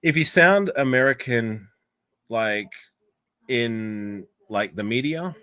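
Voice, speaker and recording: A man with an Australian accent, co-hosting a casual livestream chat in a relaxed, filler-heavy way with lots of "like". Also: mid-range voice, takes it slowly, clean tone. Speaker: co-host.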